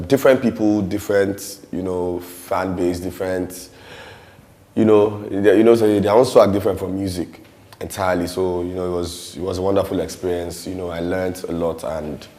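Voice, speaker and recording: A Nigerian man with a very low voice speaks in a laid-back interview. He talks loosely, stopping often on fillers and slipping into Yoruba. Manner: relaxed, many "you know" fillers, mixes in Yoruba. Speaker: musician and actor interviewee. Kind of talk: casual interview.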